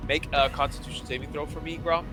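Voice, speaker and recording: A man's voice: on the high side, fairly even intonation, fast talker, over music. A man narrating as dungeon master, rambling and correcting himself as he goes. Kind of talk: narrating a tabletop game.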